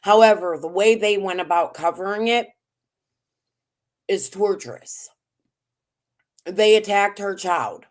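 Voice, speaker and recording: A woman's voice: medium pitch, animated, slow, pauses often. A woman on a livestream, accusing and confronting others with emphatic insistence. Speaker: livestream guest. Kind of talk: heated casual commentary.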